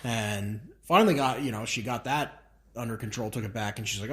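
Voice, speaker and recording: A man's voice: medium pitch, lively intonation, a little fast. A man in his thirties co-hosting a podcast, telling the story casually in a blunt way and swearing now and then. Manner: blunt, swears casually, repeats words as he restarts. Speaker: podcast co-host.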